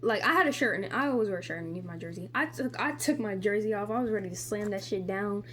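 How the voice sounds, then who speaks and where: A woman's voice: medium pitch, quick pace, a bit bright. A teenage girl vlogging while doing her makeup at home, telling a story in a rambling, profane way full of "like" and rants. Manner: rambling, profane, heavy use of "like"; indignant ranting. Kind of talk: casual get-ready-with-me storytime.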